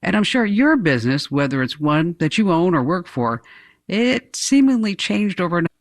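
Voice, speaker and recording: A woman's voice: fairly low pitch, very animated, moderate pace. A woman radio host reading an ad in a chatty, playful way and interviewing a guest. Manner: chatty, playful, acts out little voices. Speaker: radio talk show host.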